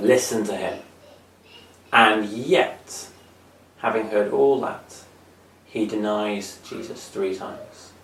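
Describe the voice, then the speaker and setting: Preacher for a children's talk, gravelly, conversational storyteller, echoey hall. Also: male voice, mid-range voice, far from the mic. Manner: conversational, animated storytelling, dropping to a hush for emphasis. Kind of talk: children's sermon retelling a Bible story.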